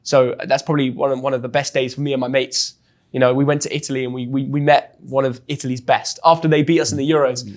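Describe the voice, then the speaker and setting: A young man from England with an English accent, telling a story as a guest in an interview with lively, chatty energy and frequent restarts. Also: mid-range voice, fast talker. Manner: chatty and animated, often restarts words. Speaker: guest, football influencer.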